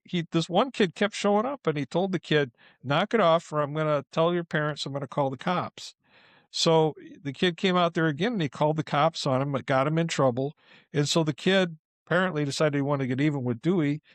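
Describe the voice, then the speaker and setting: A man's voice: fairly high pitch, no room sound. A man who works as a ghost tour guide, telling a story casually and acting out the people in it. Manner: animated, acts out the people in his stories.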